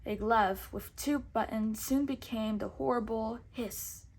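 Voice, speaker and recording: A woman reading a storybook aloud with expressive, measured narration. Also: on the high side.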